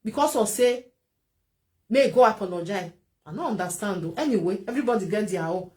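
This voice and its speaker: A woman's voice: mid-range voice, brisk. A woman with a Nigerian Pidgin accent hosting a live stream, talking casually and pleading with her viewers. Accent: Nigerian Pidgin English. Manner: animated, pleading, thanks viewers for gifts mid-talk.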